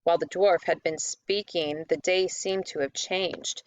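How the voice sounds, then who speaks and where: A woman narrating a children's fantasy book in a steady audiobook reading. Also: fairly low pitch, unhurried.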